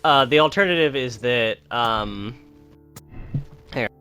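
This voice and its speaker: A man's voice: medium pitch, lively intonation, takes it slowly, pushed and bright, clean tone, soft background music. A man co-hosting a game playthrough, explaining the options in casual chat with fillers. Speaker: let's play co-host. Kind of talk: casual let's play discussion.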